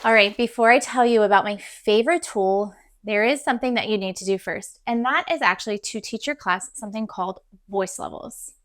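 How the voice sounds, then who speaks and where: A woman's voice: mid-range voice, brisk, hardly any pauses, a bit bright. A young adult woman teacher talking casually to camera, giving classroom tips in a chatty, encouraging way that repeats things for emphasis. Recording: faint background music.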